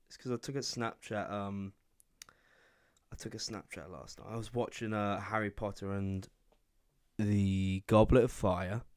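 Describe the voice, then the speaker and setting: A young Englishman hosts his own podcast alone, chatting casually and rambling from topic to topic in a chatty, self-deprecating way. His voice sits on the low side, steady in tone at a measured pace.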